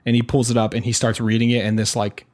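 A man's voice: mid-range voice, flat delivery, fast talker, a little mellow. A man hosting a casual chat, rambling with many fillers and restarts as he reacts to clips. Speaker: podcast host reacting to clips.

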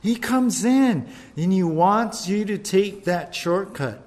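A man preaching a sermon in an animated, conversational way, often checking in with tag questions. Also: high-pitched, slow.

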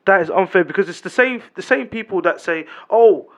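A man's voice: high voice, lively intonation, fast, fairly bright tone. A man chatting casually on a podcast, emphatic and repetitive, full of rhetorical questions. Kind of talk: casual chat. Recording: dull lo-fi sound.

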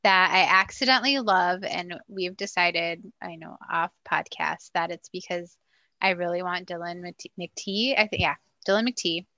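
A woman co-hosting a podcast, chatting casually about a TV show and slipping into quick voices when she quotes people. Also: on the low side, sharp tone, dry recording, lo-fi sound. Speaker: podcast co-host.

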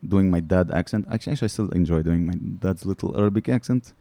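A man's voice: sits low, quick pace, warm tone, dry recording. A man, a comedian guest on a podcast, telling rambling candid stories in casual chat. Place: studio.

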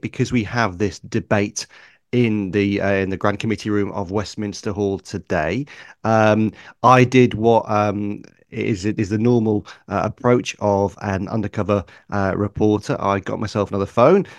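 A man's voice: on the low side, dry recording. Northern english guy chatting on a podcast, lots of uhs, dead dry mic. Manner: chatty, many ums and uhs. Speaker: racing journalist guest. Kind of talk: casual interview chat.

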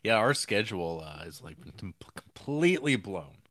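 A man's voice: on the low side, sing-song, normal speed, fairly bright tone, no room sound. A man co-hosting a podcast, trading dry, jokey banter in casual chat. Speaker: podcast co-host.

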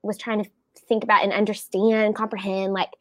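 A woman's voice: medium pitch, little pitch movement, fairly quick, fairly bright tone, dry recording. Chatty young woman, dry close sound. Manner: chatty, laughs often, trailing asides. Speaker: guest blogger. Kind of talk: casual chat.

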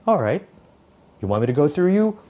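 A taunting schoolyard bully boy, as a preacher puts him on. He threatens in a mellow, unhurried voice. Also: on the high side, sing-song. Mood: menacing.

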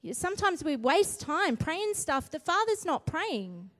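A woman with a high, bright voice, big pitch swings, and a measured pace preaches a sermon earnestly. She drives her points home with rising emphasis and frequent "right?" tags, with long hall reverb on the recording.

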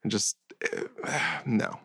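A man's voice: medium pitch, wildly swooping pitch, gravelly, sharp tone, breathy edge, dry recording, clean studio sound. A man co-hosting a podcast, reviewing films in casual chat with a blunt, exasperated manner. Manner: blunt, exasperated, quick asides. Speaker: podcast co-host.

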